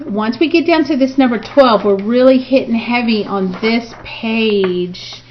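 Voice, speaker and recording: Unhurried woman teaching math, muffled recording. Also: medium pitch. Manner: talks through steps aloud, frequent "okay" and "right?". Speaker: math instructor. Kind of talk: recorded review lesson.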